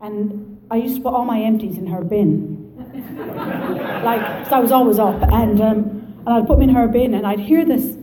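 A woman with an Irish Midlands accent telling her story at a recovery meeting, lively and joking. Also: on the high side, moderate pace, pauses often, reverberant, crowd noise, low-quality recording. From Ireland. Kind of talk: personal testimony to an audience.

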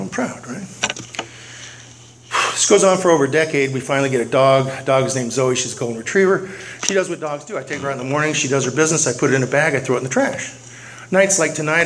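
A man's voice: medium pitch, noisy background. A man speaking at a recovery meeting, telling a humorous, self-deprecating story to the room.

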